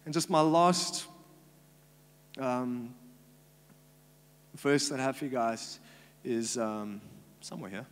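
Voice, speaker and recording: A man's voice: mid-range voice, takes it slowly, long pauses. A South African man preaching a sermon in an earnest, conversational way, with many fillers, recorded live in a church. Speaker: pastor. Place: church hall. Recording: live church hall with long reverb and faint hum.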